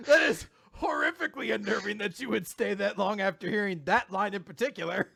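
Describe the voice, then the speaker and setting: A man's voice: sits high, brisk, gravelly. A man hosting a casual podcast, retelling a manga chapter with many fillers. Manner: animated storytelling, many fillers. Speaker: podcast host. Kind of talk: casual manga recap chat.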